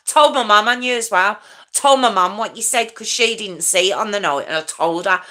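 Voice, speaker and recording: A woman's voice: medium pitch, normal speed, pushed and bright. A woman hosting a live stream, chatting casually with her viewers and answering their comments, laughing often.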